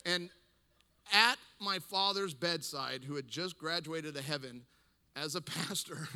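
A man speaking to a men's gathering, telling a funny story in an animated way, laughing and acting out voices. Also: a little high, measured pace, smooth, long reverb tail. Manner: animated, acts out quoted voices, laughs often. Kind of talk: humorous storytelling talk.

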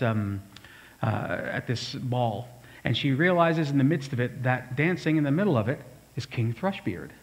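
A man's voice: medium pitch, low-quality recording. Conversational male pastor telling a story. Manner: storytelling, conversational, asides to the congregation. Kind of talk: sermon.

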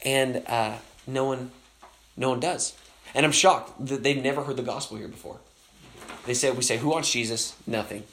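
Animated pastor telling stories in a roomy echo. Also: male voice, medium pitch, moderate pace, slight background noise. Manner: animated, acts out voices in his stories, many fillers. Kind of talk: casual storytelling sermon. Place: speaking at a camp.

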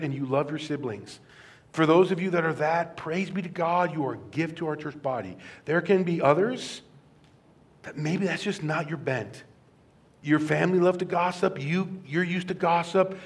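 Male pastor, earnest conversational sermon delivery, slightly high voice, punches key words.

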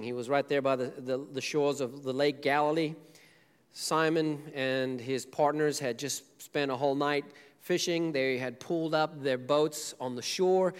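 A man's voice: on the high side, fairly even intonation, normal speed, smooth. A male pastor preaching a sermon in a casual, joking way, retelling a story and acting out the quotes. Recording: echoey hall.

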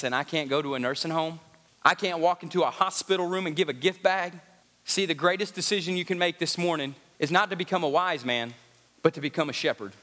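A man's voice: high-pitched, pushed and bright. A male pastor, preaching a sermon with rising fervor and sung, chanting cadences, recorded in a large reverberant hall.

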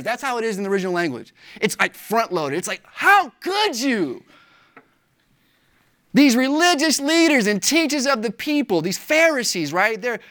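A pastor preaching a sermon. The delivery is animated and emphatic, with casual slang. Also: mid-range voice.

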